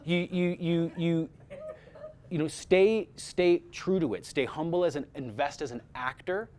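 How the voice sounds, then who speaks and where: Speaking at normal speed with a slightly high voice, a man addresses a workshop crowd on voice-over casting in a loose, animated way. His delivery is full of restarts and repeated words.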